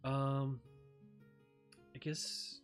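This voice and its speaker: A man in a casual stream chat, rambling and dropping swear words between plenty of fillers. His voice sits at an ordinary middle pitch. Faint music plays behind him. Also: little pitch movement, drawn-out words.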